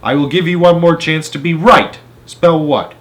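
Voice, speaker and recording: A man's voice: on the high side, normal speed, voice pushed up, close to an everyday voice. A man voicing a huge, bullying headmistress who bellows and sneers at a pupil, in a storybook reading. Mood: bellowing scorn. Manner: bellowing, scornful. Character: huge fierce female headmistress, bullying and domineering.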